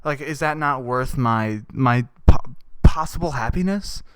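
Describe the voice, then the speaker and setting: Rambling young man, smooth dry voice. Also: medium pitch, unhurried, no echo. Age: young adult. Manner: deadpan, absurd, with many "right?" asides. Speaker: podcast host. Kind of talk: rambling comic monologue.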